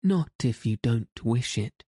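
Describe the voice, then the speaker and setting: A man's voice: medium pitch, animated, takes it slowly, mellow, breathy edge, dry recording, studio quality. Wendy, a man reading as a prim girl. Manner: prim and earnest. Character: Wendy, a prim earnest young girl playing mother.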